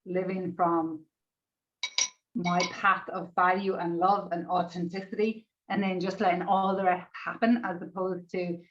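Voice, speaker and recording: A woman's voice: fairly low pitch, little pitch movement, measured pace, slight background noise. Woman, emotional, rambling, gushing, swears, muffled lo-fi call audio. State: emotional, near tears. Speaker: participant in a group coaching session. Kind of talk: emotional sharing in a group call.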